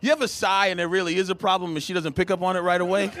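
A man in his thirties doing a stand-up comedy routine, telling profane, exasperated stories that burst into loud outbursts. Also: high-pitched, little pitch movement, fast talker, noisy background.

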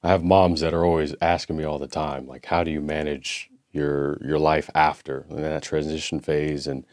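A man's voice: very deep voice, flat delivery, normal speed, dry recording. A man hosting an interview show, asking long, winding questions with restarts. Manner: warm-up questions with long, rambling setups and restarts. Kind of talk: conversational interview.

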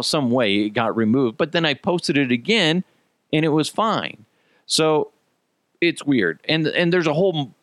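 A man hosting a podcast in casual opinion talk, animated and profane, drifting between tangents. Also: medium pitch, no room sound. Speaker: podcast host.

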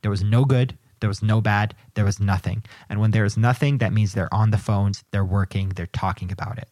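A man's voice: lowish voice, fairly even intonation, a little fast, darkish tone, no room sound, clean studio sound. A man co-hosting a sports podcast, making his points in an emphatic, argumentative way. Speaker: podcast co-host. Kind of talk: casual sports podcast chat.

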